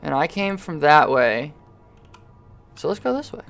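A young man giving let's-play commentary on a horror game, joking and excitable as he talks to himself while playing. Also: on the high side, fairly quick, gravelly, soft background music. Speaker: gaming YouTuber.

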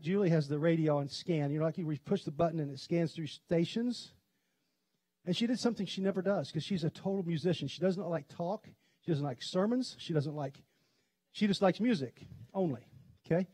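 A middle-aged pastor from Kentucky preaching a sermon, telling stories in a chatty way and laughing often. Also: male voice, a little high, mellow, no room sound. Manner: conversational storytelling, quick to laugh. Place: church sanctuary.

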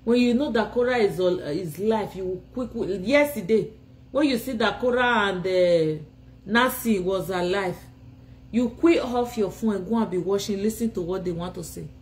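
A woman's voice: medium pitch, normal speed, darkish tone, a little hiss or hum, poor audio. Nigerian woman ranting and scolding on a phone. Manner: scolding, insulting, taunting. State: tired, sleepy. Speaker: vlogger. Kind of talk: ranting live video.

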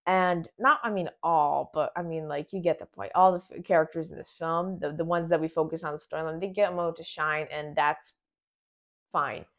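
A woman giving a casual spoiler review of a film, talking in an excitable, rambling way and often restarting her sentences. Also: low-pitched, moderate pace.

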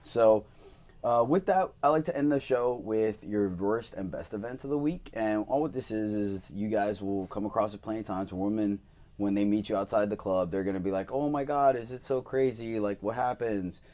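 A young man hosting a casual podcast interview, telling animated stories and acting out quoted voices. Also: on the low side, normal speed. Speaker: podcast host and male dancer.

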